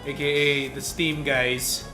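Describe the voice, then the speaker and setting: A man's voice: medium pitch, flat delivery, slow, pushed and bright. A man co-hosting a gaming podcast, rambling through news with restarts. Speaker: podcast co-host. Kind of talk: casual podcast chat. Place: shared room, four hosts on one mic. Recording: roomy room with music behind.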